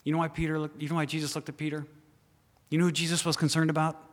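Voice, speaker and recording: A man preaching a sermon, speaking straight to his listeners with pointed questions and moving from loud emphasis to a hushed voice. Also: on the high side, little pitch movement, racing. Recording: long hall reverb.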